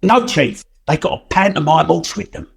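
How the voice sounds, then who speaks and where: A man's voice: a little high, animated, normal speed, gravelly, a little hiss or hum. A man playing a joking detective sergeant on a stakeout in a radio sitcom. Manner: chuckling, jokey. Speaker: police sergeant. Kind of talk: comedy radio sitcom acting.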